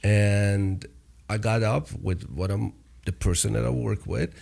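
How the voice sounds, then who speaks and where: Man, podcast host, low voice, gravelly, animated storytelling, emphatic. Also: unhurried. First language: Farsi or German. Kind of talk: casual storytelling chat.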